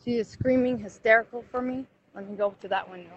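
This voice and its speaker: A woman's voice: on the high side, fast, few pauses, slightly rough, muffled recording. A mother livestreaming outdoors beside a car, talking in an urgent, agitated way and coaching her children to speak up. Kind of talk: live phone stream, urgent pleading.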